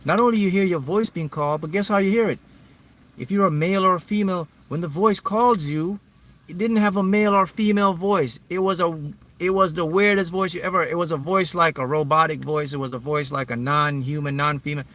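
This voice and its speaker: A man's voice: on the high side, fairly quick, a bit bright. A man as a manifesting mentor, speaking emphatically and repetitively to his viewers in a live motivational talk. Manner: reads out viewers' names.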